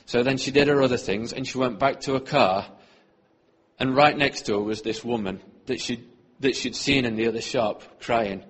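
A man with a husky, slightly breathy voice tells an earnest testimony as part of a sermon. His speech is mid-pitched for a man, and he often lets his sentences fade away softly. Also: moderate pace. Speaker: church speaker.

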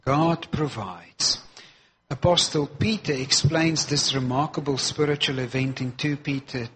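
A man's voice: mid-range voice, steady tone, normal speed, fairly bright tone, slight background noise. A man preaching a sermon, stressing and repeating key phrases for weight.

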